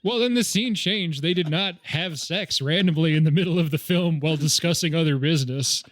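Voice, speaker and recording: A man's voice: fairly high pitch, fairly quick, a bit bright. A man chatting on a podcast, telling a rambling, joking story full of ums and likes. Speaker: podcast co-host. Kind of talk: casual chat.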